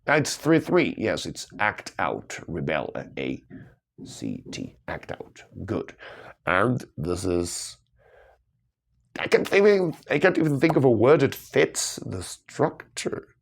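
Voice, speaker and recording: A man's voice: on the low side, big pitch swings, slow pace, vocal fry. A man working through cryptic crossword clues aloud, musing and questioning himself, with sudden bursts of delight. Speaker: crossword solver. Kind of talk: thinking aloud while solving puzzles.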